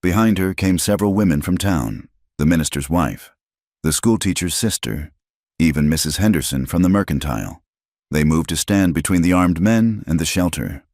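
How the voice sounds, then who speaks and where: Very deep-voiced male storyteller. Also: normal speed, a little mellow, dry recording, studio quality. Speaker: narrator. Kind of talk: scripted storybook narration.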